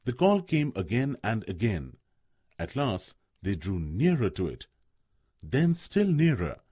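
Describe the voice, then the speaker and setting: A man reading a story aloud for listening practice, expressive and measured. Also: lowish voice, slightly rough, no room sound, clean studio sound. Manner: expressive, slow. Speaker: narrator. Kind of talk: storybook narration.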